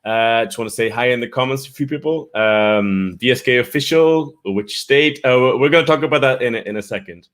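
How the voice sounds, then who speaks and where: A man's voice: mid-range voice, a little fast, few pauses, a bit bright. An Irish man hosting a casual live-stream chat for English learners, greeting viewers by name and laughing often. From Ireland.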